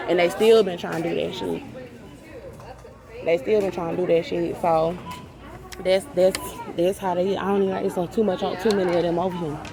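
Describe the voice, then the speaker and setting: A woman in an agitated, rambling monologue to camera, profane and repeating herself. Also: fairly low pitch. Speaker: vlogger. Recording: noisy background ambience.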